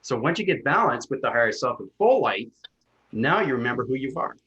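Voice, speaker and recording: A man's voice: medium pitch, sing-song, brisk, fairly bright tone, muffled recording. Man, insistent healer explaining at length, jargon-heavy, lecturing tone. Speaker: spiritual healer answering questions. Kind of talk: lecturing in a casual chat.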